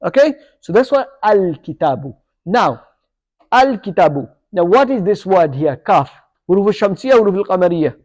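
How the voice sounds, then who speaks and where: A man's voice: sits high, very animated, normal speed, a little mellow. A man teaching an Arabic grammar lesson to a live class, quizzing students and checking in with "okay?" and "yeah?" as he goes. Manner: corrects his own slips aloud.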